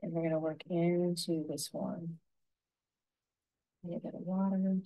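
A woman giving a gentle, unhurried painting tutorial, talking through each brushstroke as she works. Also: lowish voice, fairly even intonation, low-quality recording. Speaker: painting instructor.

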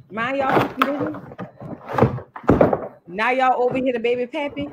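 A woman with a high voice hosts a reaction show. She talks in a loose, brash way, mocking and swearing freely as she reacts. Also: steady tone, moderate pace, very noisy. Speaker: host. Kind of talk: casual reaction commentary.

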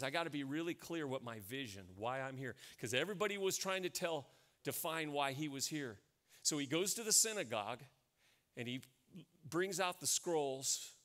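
A man's voice: a little high, expressive, normal speed, a bit bright. Man, American accent, pastor, sermon, storytelling, emphatic, repeats phrases.

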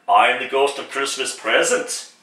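A man doing a deep, preachy male ghost. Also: pushed and bright, close to an everyday voice. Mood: solemn. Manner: low, preachy, deliberate. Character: solemn male ghost of the present. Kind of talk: one-man comedic radio play. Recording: roomy echo, distant mic.

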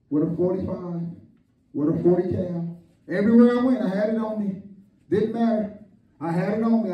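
A male pastor preaching a lively storytelling sermon, calling on the congregation and acting out quotes. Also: high voice. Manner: animated, calls on the congregation, acts out quotes. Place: church hall, echoey. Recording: echoey church hall from far off, muffled.

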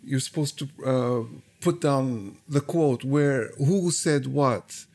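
Man interview guest, studio, gravelly, mid-pitched, earnest and measured. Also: darkish tone. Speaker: guest musician. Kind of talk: interview answers.

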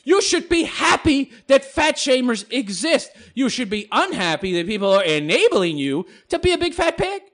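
A man reads viewer comments aloud on his own channel and answers them with scorn. His voice sits high and swings widely in pitch. He rambles and laughs as he goes. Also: big pitch swings, moderate pace, hardly any pauses, fairly bright tone. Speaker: channel host responding to comments. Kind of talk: mocking commentary monologue.

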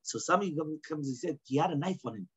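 A man's voice: on the high side, lively intonation, fast talker, slightly rough. A man teaching a casual Talmud class. He reads Aramaic lines and then explains them in plain English, often checking in with "right?". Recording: dull lo-fi class recording.

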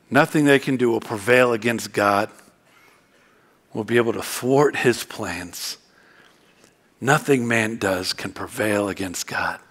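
A man preaching a sermon as a church pastor, swinging from quiet, low reflection to loud, fervent exhortation.

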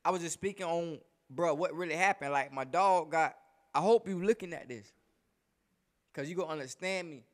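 A man's voice: on the high side, moderate pace. A man, a rapper being interviewed, talking casually and rambling as he stumbles over and repeats his words. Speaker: rapper guest.

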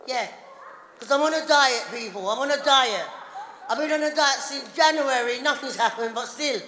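Female stand-up, high pitch, chatty teasing delivery, long hall reverb. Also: normal speed. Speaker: stand-up comedian. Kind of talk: stand-up comedy set. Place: large hall on stage. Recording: echoey reverberant hall, faint noise.

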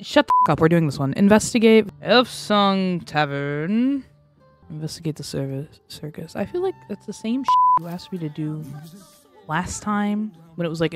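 A let's-play gamer commenting casually and sarcastically while playing, prone to ranting. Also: mid-range voice. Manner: sarcastic, excitable, ranting at the game.

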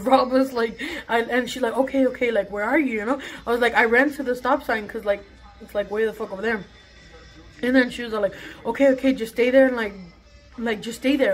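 A woman's voice: a little high, low-quality recording. A young woman tells a casual storytime vlog, chatty and swearing freely. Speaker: vlogger.

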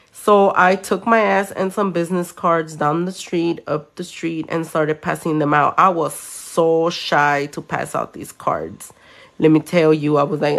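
A woman nail artist, telling a story casually while she does nails at home, animated, swearing freely and slipping into Spanish. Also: lowish voice. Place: home room.

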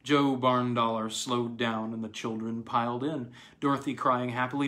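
A man's voice: level tone, normal speed, few pauses. Man reading a horror tale dramatically. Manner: dramatic, with sharp swings in pitch and loudness. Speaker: narrator. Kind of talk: scripted horror story reading.

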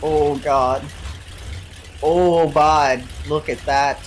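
A man's voice: fairly high pitch, steady tone, drawn-out words, a little hiss or hum. A young man chatting casually and profanely with a friend while playing a game, laid-back and joking. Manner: profane, laid-back banter with frequent laughs. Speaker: gamer streaming co-op play. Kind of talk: casual gameplay chat.

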